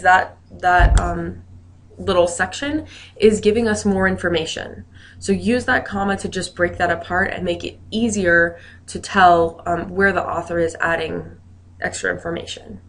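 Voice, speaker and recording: A woman's voice: medium pitch, a bit bright. Friendly woman teaching a grammar lesson. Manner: friendly and explanatory, with joking asides. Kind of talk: recorded grammar lesson podcast.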